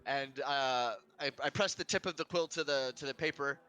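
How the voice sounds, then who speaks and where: A man's voice: medium pitch, moderate pace, bright, forceful tone, clear, resonant tone. A man playing a tabletop role-playing game, describing his character's actions and thinking aloud. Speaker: player.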